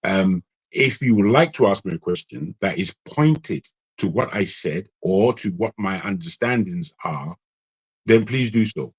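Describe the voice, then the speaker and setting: A man's voice: sits low, lively intonation, husky, no room sound, dull audio. A man, a guest in an online debate, firmly rejecting how his words were used. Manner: firm, measured. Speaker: panel guest.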